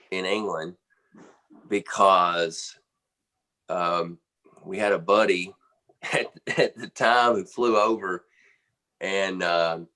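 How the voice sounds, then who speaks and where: Low-voiced man telling a band story. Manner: animated, filler-heavy, lots of "man" and "you know". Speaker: band drummer interviewed. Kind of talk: casual storytelling anecdote.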